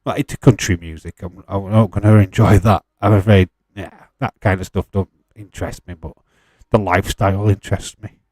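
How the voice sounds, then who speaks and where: A fairly low-pitched man talks casually on a live stream, joking and laughing as he reads out viewer comments. His voice is recorded very dry and close, with no room sound around it. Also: steady tone, brisk, darkish tone, breathy edge, no room sound. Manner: chatty and jokey, laughs often, swears casually. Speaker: streamer hosting a wrestling watch-along.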